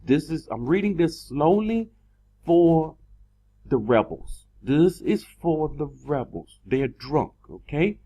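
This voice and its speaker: A man preaching a sermon in an online video, emphatic, repeating words and slowing down to stress his points. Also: a little high, lively intonation, dark tone, husky, low-quality recording.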